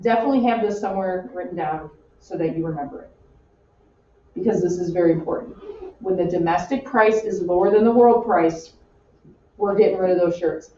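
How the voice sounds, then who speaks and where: A woman teaching an economics class in an animated, joking way, acting out her examples. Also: fairly low pitch, brisk, a little hiss or hum. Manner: animated, jokey, acts out examples. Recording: roomy, distant, dull classroom audio.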